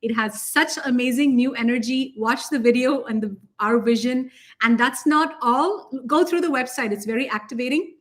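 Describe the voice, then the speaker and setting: Co-hosting a casual spiritual chat, a woman who is a spiritual teacher gushes excitedly and laughs a lot. Her fairly high voice carries high energy at normal speed, sometimes drifting a bit farther from the mic.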